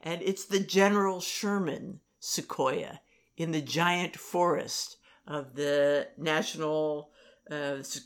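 A woman's voice: sits low, slow. A middle-aged woman in casual conversation, rambling with many fillers and restarts.

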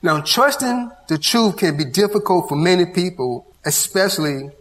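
A man's voice: high-pitched, lively intonation, normal speed. A man giving an interactive church Bible teaching, quizzing his audience with call-and-response questions. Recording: long hall reverb.

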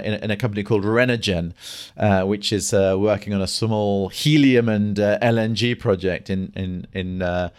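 A man hosting an energy podcast, talking casually with lots of restarts and fillers. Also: lowish voice. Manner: hesitant, many restarts and fillers. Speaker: podcast host. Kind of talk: casual discussion and solo commentary.

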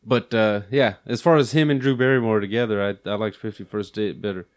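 A man's voice: fairly low pitch, steady tone, brisk. A man chatting casually with friends, swearing often, laughing a lot and slipping into mock voices. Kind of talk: casual chat among friends.

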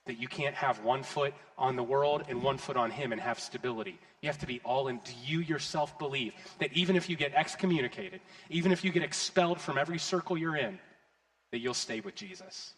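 A man's voice: medium pitch, brisk. Impassioned preacher man in a reverberant hall. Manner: impassioned, swinging from loud declarations to hushed intensity. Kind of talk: sermon.

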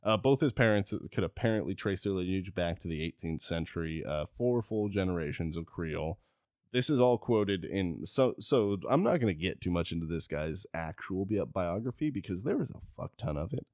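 A man's voice: deep voice, expressive, normal speed, darkish tone, dry recording, studio quality. A man hosting a casual podcast, rambling and joking as he tells a history, stumbling over names. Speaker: podcast host. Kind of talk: casual chat.

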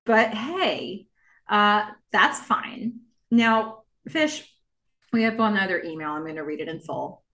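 A woman's voice: medium pitch, takes it slowly, sharp tone. A woman co-hosting a podcast in casual chat, reading listener emails aloud and laughing often. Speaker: podcast co-host.

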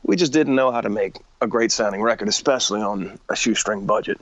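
A man's voice: lowish voice, brisk, a bit bright, no echo, highs cut off. A male singer as an interview guest, talking earnestly and frankly, with stumbling restarts. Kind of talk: casual interview chat.

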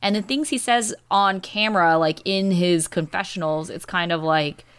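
A chatty woman co-hosts a casual podcast. Her voice sits low and sounds smooth and clear. She talks emphatically and leans on "you know". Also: moderate pace, fairly bright tone. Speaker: podcast co-host; teacher. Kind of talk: casual chat recapping a reality show.

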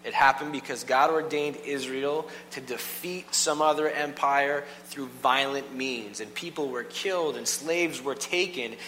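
A man's voice: mid-range voice, measured pace, hardly any pauses, pushed and bright. Conversational man preaching in a reverberant church. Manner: conversational, asks the congregation questions. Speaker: pastor. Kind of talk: sermon. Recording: long reverb, faint hum.

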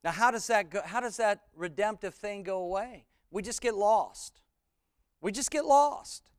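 A man preaching as senior pastor, earnest, dropping to a hush for scripture and climbing loud when stirred. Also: high-pitched, moderate pace, clear, resonant tone, no room sound, studio quality. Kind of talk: sermon.

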